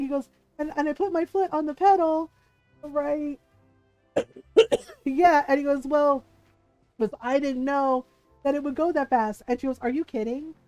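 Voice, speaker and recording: A woman's voice: high-pitched, darkish tone, dry recording. A woman streamer telling a story in casual chat while gaming, acting out the people she quotes and often adding "right?". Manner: chatty, acts out quoted voices, frequent "right?". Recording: dry close mic with faint game music.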